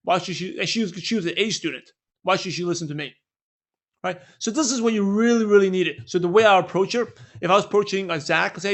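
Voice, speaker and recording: A man with a high voice leads a sales training session. He talks in a loose, conversational way and keeps checking in with a quick "right?". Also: fairly bright tone. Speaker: network marketing trainer. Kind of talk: training talk with role-played scripts.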